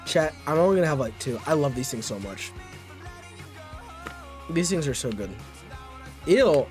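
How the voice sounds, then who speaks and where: A man with a fairly high voice talks casually to his live-stream chat. He trash-talks viewers playfully and rambles, often restarting mid-sentence. Soft music plays quietly in the background. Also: big pitch swings, unhurried, pauses often. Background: faint music.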